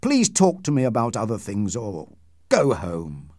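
A man voicing a frightened, dying old doctor who speaks slowly with a trembling voice, in a storybook reading. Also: fairly low pitch, huge pitch swings, darkish tone, dry recording, studio quality, heavily acted. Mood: fearful, grim. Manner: slow and trembling.

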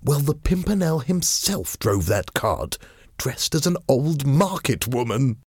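An earnest young English gentleman conspirator, as a man reading a storybook puts him on, eager and urgent. The voice sits higher than the narration but keeps its slow, gravelly grain. It is close and dry. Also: sing-song, no echo, heavily acted.

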